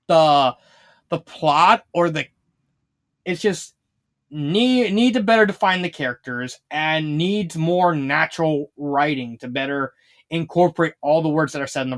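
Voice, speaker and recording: Chatty fanfic reviewer, keeps restarting sentences, lots of likes and ums, laughs a bunch. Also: medium pitch. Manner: rambling, many restarts and fillers; laughs often while retelling. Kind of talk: casual spoken review.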